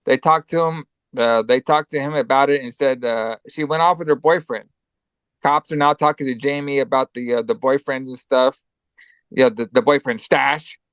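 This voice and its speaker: A man's voice: medium pitch, normal speed, a bit bright, smooth, dry recording. A man co-hosting a podcast, casually recapping a movie in a rambling, profane way and acting out lines. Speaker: podcast co-host.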